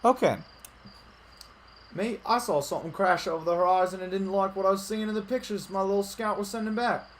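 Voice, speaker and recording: A man voicing a folksy male alien tree keeper from a game, in a raised, loud homespun drawl. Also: a little high, a little fast, pitched above the performer's own voice, lightly acted.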